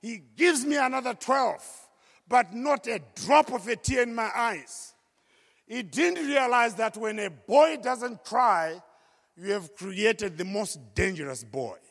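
A man with a strikingly high, gravelly voice tells his own story to an audience as a testimony. He speaks emphatically and at times breaks into a shout. His words ring out with the long reverb of a large hall. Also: animated, slow pace. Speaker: speaker giving a personal testimony.

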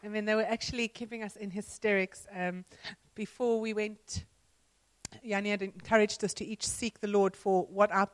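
A woman's voice: mid-range voice, fairly even intonation, moderate pace. A woman sharing an earnest, reflective testimony about a mission trip in church.

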